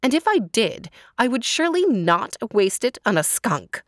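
A woman voicing a plump, fussy old farm woman, indignant and excitable. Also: fairly high pitch, moderate pace, dry recording, studio quality, pitched above the performer's own voice. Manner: excited, exclamatory calls.

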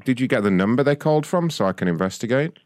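A man hosting a radio prank call, talking in a deadpan, mock-official way. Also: medium pitch, fast talker, no room sound, clean studio sound.

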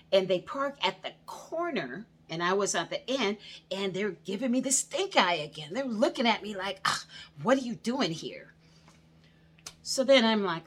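Animated woman telling a story. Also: fairly low pitch, slightly rough. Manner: animated, rising and loud when quoting herself. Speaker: host. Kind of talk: personal storytelling. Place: indoor studio under hot lights.

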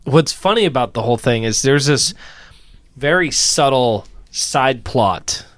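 A man's voice: mid-range voice, lively intonation, unhurried, fairly bright tone, dry recording. Laid-back man in a dry room. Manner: laid-back, agreeable, chimes in with short replies. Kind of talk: casual chat.

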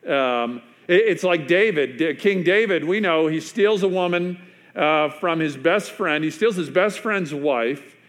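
A man, a pastor preaching a sermon in a loose, conversational storytelling way, full of fillers and restarts, often dropping to a hushed voice to drive a point home. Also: fairly high pitch, unhurried. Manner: drops to a hushed, quieter voice for emphasis.

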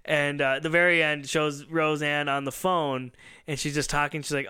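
A man's voice: on the high side, flat delivery, moderate pace, sharp tone, clear, resonant tone. A man hosting a pop culture show, casually retelling a story at length and acting out the lines he quotes. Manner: rambling storyteller who acts out quoted lines, laughs often. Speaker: podcast host. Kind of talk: casual chat.

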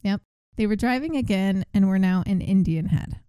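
Mellow-voiced woman telling a story. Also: medium pitch, moderate pace, clean tone, no echo, rough recording. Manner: animated retelling, reenacts quotes. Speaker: podcast co-host. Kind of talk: casual storytelling.

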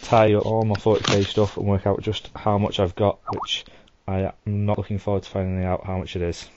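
A man's voice: fairly low pitch, level tone, brisk, noisy background. A man on a podcast as a guest, talking in a dry, self-deprecating way. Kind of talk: casual group chat. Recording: dry, dull lo-fi sound.

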